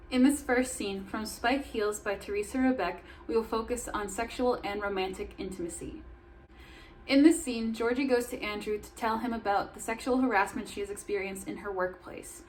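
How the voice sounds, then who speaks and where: A young woman presenting her student project, reading an earnest, measured introduction as a voice-over. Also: medium pitch, a little hiss or hum, rough recording. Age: young adult. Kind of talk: read introduction.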